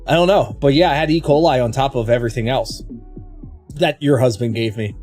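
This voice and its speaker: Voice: mid-range voice, a little fast, darkish tone, faint music behind. A game streamer chatting casually with viewers, telling stories frankly, with swearing and many restarts.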